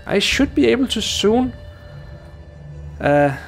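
A man's voice: extremely high pitch, big pitch swings, slow pace, creaky, faint music behind. A man casually commenting on his gameplay, rambling and talking to himself with lots of fillers and restarts. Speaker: gaming YouTuber. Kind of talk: casual let's play commentary.

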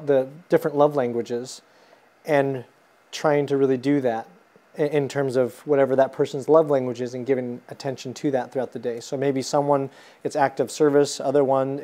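A man's voice: mid-range voice, dark tone. A man hosting an interview, affirming his guest and asking follow-up questions. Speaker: interview host. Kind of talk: conversational interview.

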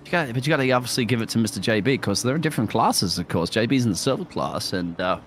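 A man commentating a live sim race, chatty and bantering with his co-host and bursting into excited calls. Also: mid-range voice, fast talker, a little hiss or hum. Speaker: lead commentator.

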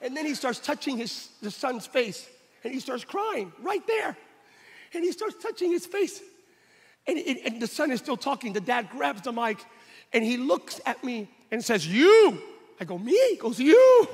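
A male pastor preaching a sermon on a church stage, telling a story and building to shouted exhortation. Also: very high-pitched, sing-song, moderate pace, breathy edge. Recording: hall reverb.

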